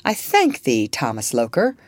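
A woman voicing a kind old Quaker lady who speaks slowly and calmly. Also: deep voice, no echo, heavily acted. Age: over 60. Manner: slow, gentle, unruffled.

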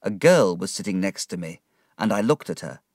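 A man narrating an audiobook story in a slow, measured, expressive reading. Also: low voice, no echo, clean studio sound.

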